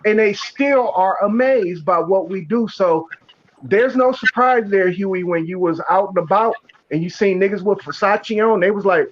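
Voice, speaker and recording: A man in casual podcast chat, explaining his point deliberately and repeating key phrases. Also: sits high, muffled recording, a little hiss or hum.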